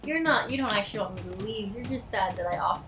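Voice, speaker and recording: A woman's voice: medium pitch, lively intonation, quick pace, distant mic, music in the background. A woman chatting casually on a live stream, playful and talkative, cracking jokes and puns.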